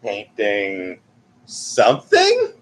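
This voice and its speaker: A man's voice: fairly low pitch, huge pitch swings, very slow. Rambling man in his forties. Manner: rambling, hesitant, self-correcting. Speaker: streamer reading chat. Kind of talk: casual chat.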